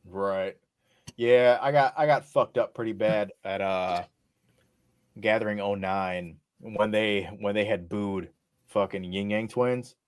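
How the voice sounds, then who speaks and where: A man's voice: fairly low pitch, fairly even intonation, slow, smooth. Profane laid-back man telling party stories. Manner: profane, laughing, acts out quotes loudly. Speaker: podcast co-host. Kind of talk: casual podcast storytelling. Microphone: podcast mic.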